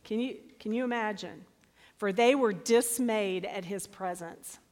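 A woman preaching a sermon, reading scripture aloud with dramatic, expressive delivery. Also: mid-range voice, a little slow. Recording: long hall reverb.

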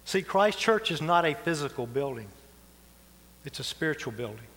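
Folksy preacher in a reverberant church. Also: male voice, on the high side, animated, normal speed, a bit bright. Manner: folksy, conversational preaching with asides and laughs. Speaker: pastor. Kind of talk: sermon. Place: church sanctuary. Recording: long reverb of a church hall.

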